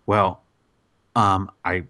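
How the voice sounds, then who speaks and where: A man on a podcast telling a story in a casual, animated way, with many fillers and restarts. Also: sits low, very slow, dry recording, studio quality. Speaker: podcast host.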